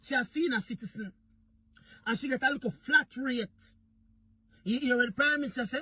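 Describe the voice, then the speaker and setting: A man's voice: extremely high pitch, brisk, pushed and bright, no echo. A man with a Jamaican accent delivering an impassioned political rant, repeatedly calling out to his audience. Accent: Jamaican Patois. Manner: fiery, preachy, repeatedly addresses Jamaica. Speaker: political commentator.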